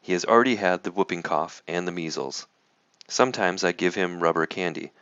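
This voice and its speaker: A man reading a picture book aloud in a lively, expressive way. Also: sits low, fairly quick, dry recording, lo-fi sound. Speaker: storybook reader.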